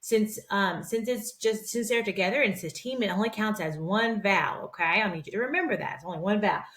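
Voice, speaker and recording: A woman's voice: medium pitch, a bit bright, recorded from a distance. Encouraging woman teaching phonics, echoey room. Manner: encouraging, sing-song praise with slow stretched sounds. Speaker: reading teacher. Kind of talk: phonics lesson for young children. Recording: roomy echo, speaker away from the mic.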